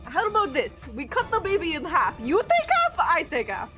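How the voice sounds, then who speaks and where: A man voicing an unhinged woman who has stolen a baby, in an indignant falsetto. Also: huge pitch swings, normal speed, sharp tone, soft background music, heavily acted. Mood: wheedling.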